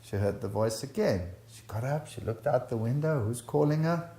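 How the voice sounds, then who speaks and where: Older guy telling a story, gravelly and dark voice, roomy echo. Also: medium pitch, normal speed. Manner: animated storytelling, acts out dialogue. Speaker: interviewee. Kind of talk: recounting a personal testimony.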